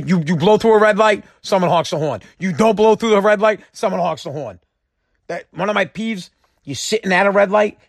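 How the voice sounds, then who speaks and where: A man's voice: sits high, no echo, studio quality. A man giving a casual, profane, exasperated rant, repeating himself for emphasis. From Boston area. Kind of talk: casual ranting monologue.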